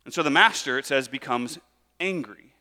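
A man preaching a sermon in a casual, conversational way, acting out lively asides. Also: mid-range voice, moderate pace, long reverb tail. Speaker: pastor.

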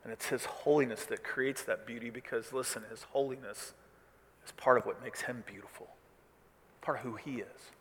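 Bright-voiced preacher in a reverberant hall. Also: male voice, medium pitch, moderate pace, slight background noise. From Missouri. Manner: animated preaching, swinging between loud declarations and hushed asides. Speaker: pastor. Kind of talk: sermon.

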